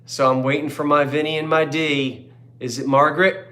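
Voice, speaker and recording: A man's voice: fairly high pitch, little pitch movement, normal speed, a bit bright, roomy sound. A man in his fifties hosting a live online antique sale, rambling and joking as he reads out viewers' comments. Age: 50s. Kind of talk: chatty live-stream sales talk.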